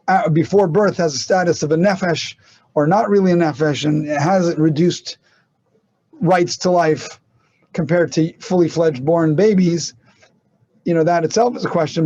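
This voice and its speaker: A man's voice: sits high, warm tone, breathy edge, highs cut off. A man teaching a casual online class on medical ethics, talking conversationally with restarts and rhetorical questions.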